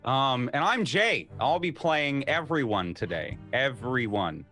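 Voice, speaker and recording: A man running a tabletop game as game master, recapping the story with many pauses and fillers. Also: mid-range voice, sing-song, pushed and bright, soft background music.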